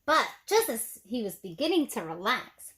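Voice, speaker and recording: A woman teacher reading a picture book aloud to her students, gentle and expressive. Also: fairly high pitch, normal speed. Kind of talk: storybook read-aloud for children.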